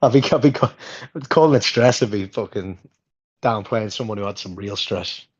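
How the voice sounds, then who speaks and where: A man co-hosting a podcast in casual chat, an animated storyteller with a voice worn hoarse. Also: normal speed. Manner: animated storyteller, jumps high in pitch. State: hoarse, hungover. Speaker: podcast co-host. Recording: dull lo-fi sound.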